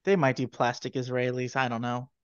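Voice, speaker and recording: A man co-hosting a podcast in casual chat, joking in a wry, deadpan way. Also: medium pitch, a little fast, clear, resonant tone, no echo. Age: younger than middle-aged. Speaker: podcast co-host. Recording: dull lo-fi microphone.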